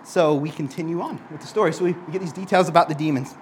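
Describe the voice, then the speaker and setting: A man with a high voice gives a sermon in a relaxed, conversational manner. He keeps dropping in "like" and repeats words as he restarts his thoughts. When he reads scripture he slows down and lowers his voice. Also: slight background noise. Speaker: preacher.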